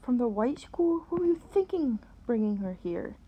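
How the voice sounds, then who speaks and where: A woman reading aloud, voicing a stern middle-aged woman who scolds loudly and formally. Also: fairly high pitch, very animated, moderate pace, breathy edge, lo-fi sound, voice pushed up. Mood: scolding.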